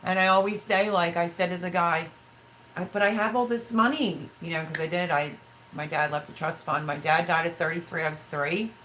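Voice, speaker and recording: A woman's voice: on the low side, flat delivery, brisk, a bit bright, a little hiss or hum, low-quality recording. A woman in her fifties hosting a casual livestream, reading viewer comments aloud and telling personal stories with feeling. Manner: chatty, emotional storytelling, reads viewer comments aloud. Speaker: livestream host.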